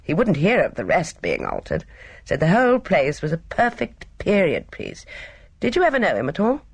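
A reader voicing a gaunt, gruff elderly woman who runs a household and scolds brusquely. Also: mid-range voice, wildly swooping pitch, normal speed, no echo, voice pushed up, heavily acted. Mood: brusque, scolding. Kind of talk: audiobook character reading.

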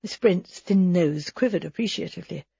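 Brief: female audiobook narrator, even storytelling, breathy, muffled sound. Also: on the low side, normal speed, no echo. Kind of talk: scripted narration.

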